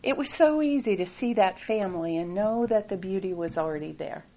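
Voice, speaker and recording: A woman telling a personal story in a soft, reflective way, often laughing lightly. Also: medium pitch, animated, fairly quick, low-quality recording. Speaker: speaker sharing a personal story.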